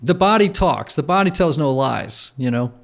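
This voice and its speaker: A man's voice: fairly high pitch, animated, normal speed, vocal fry. A man hosting a podcast interview, affirming and reflective as he responds to his guest. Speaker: podcast host.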